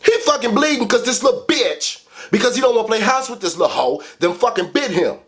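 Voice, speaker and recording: A man telling a childhood story to camera in a casual, animated way, swearing heavily. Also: a little fast. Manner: animated, profane, heavy swearing; big swings in pitch for emphasis. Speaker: vlogger.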